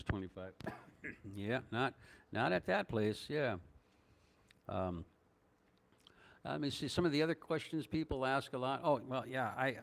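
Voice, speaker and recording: A man's voice: mid-range voice, a little hiss or hum. Rambling older man from Minnesota. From northern Minnesota, USA. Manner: rambling, hesitant, many fillers and chuckles. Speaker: vlogger answering live chat. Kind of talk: casual live-stream Q&A.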